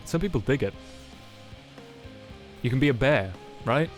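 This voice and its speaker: A man's voice: mid-range voice, lively intonation, measured pace, faint music behind. A young man streaming, telling a rambling story to his chat with lots of fillers and swearing. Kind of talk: casual chat with viewers. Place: home streaming setup.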